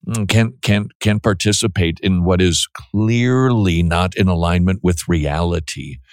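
A man's voice: low-pitched, unhurried, no echo, clean studio sound. A man giving blunt religious commentary on a talk show, talking in restarts and mocking asides.

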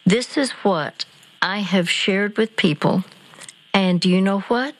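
A woman speaking on a Christian radio show, gently coaching a listener through slow breathing with a calm, measured manner. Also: mid-range voice, slight background noise, low-quality recording. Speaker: Christian radio guest counselor.

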